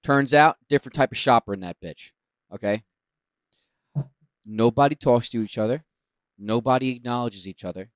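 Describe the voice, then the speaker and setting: A man's voice: medium pitch, normal speed, long pauses, dry recording. A man co-hosting a casual podcast, telling stories and joking about words. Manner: jokey storyteller, playful word games. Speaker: podcast co-host. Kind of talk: casual chat.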